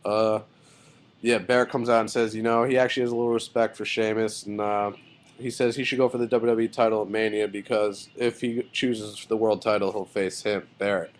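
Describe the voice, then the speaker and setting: A man's voice: fairly low pitch, little pitch movement, fairly quick, a little hiss or hum. A man giving a casual video review of a wrestling show, loose and rambling with many fillers and blunt, swearing opinions. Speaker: wrestling vlogger.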